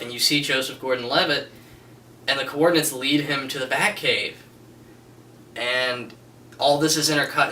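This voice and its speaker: A man rambles through a casual film review, gushing and restarting his sentences. His voice is very bright and forceful. It sounds echoey, as if he sits a little way from the mic. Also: medium pitch, distant mic, a little hiss or hum. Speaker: movie reviewer.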